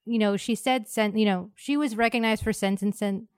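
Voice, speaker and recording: A woman from Texas co-hosts a casual movie-chat podcast, rambling along with many fillers and restarts and laughing often. Her voice is medium-pitched and steady at a normal pace, with a clean, echo-free, studio-quality sound.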